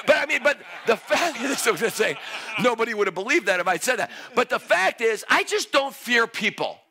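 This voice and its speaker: A man preaching a sermon, telling a story, laughing and rising to shouts. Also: sits high, creaky. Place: church hall.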